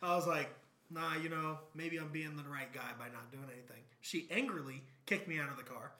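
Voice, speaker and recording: A man co-hosting a podcast, chatting casually and telling animated stories, with his voice swinging between loud bursts and low mumbles. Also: a little fast, echoey room. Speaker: podcast co-host. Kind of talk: casual chat.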